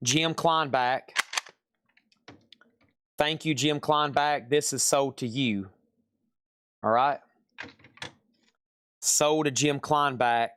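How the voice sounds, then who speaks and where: A man's voice: mid-range voice, takes it slowly, pauses often, fairly bright tone, smooth, dry recording, studio quality. Southern man running a live record sale. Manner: chatty, repeats prices and buyer names. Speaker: live-stream seller. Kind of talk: live sales stream.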